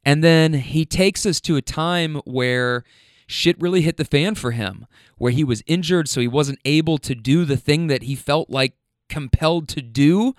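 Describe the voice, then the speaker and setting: A man's voice: on the high side, moderate pace, dry recording, studio quality. A man hosting his own podcast, introducing the episode in a casual, enthusiastic and slangy way, rambling with restarts. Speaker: podcast host.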